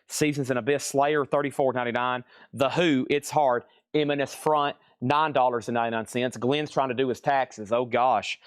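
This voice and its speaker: A man hosts a live record auction stream, running through titles, prices and bidders with quick asides. His voice is smooth and clear, recorded close and dry with no room sound. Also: mid-range voice, no room sound.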